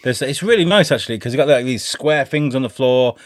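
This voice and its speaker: Man, podcast co-host, casual chat, mid-pitched voice, dry close mic. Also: lively intonation, fairly quick, no echo. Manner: chatty, swears casually.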